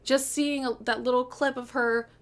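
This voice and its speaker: A woman's voice: high voice, fairly even intonation, normal speed. A woman hosting a live music stream, chatting in a bubbly, giggly, rambling way between songs. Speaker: host and singer-songwriter. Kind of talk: casual livestream chat between songs.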